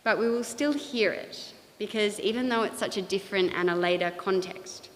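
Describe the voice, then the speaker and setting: A woman giving a measured, thoughtful talk on poetry in a large church. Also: mid-range voice. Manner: measured, thoughtful, with occasional restarts. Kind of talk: reflective lecture in a church. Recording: long reverb of a large hall.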